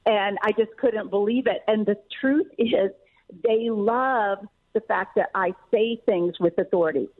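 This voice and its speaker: A middle-aged woman author, a guest in an interview, talking in an emphatic, earnest way with quick laughs. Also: medium pitch. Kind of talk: casual interview talk. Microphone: phone call. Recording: tinny phone line.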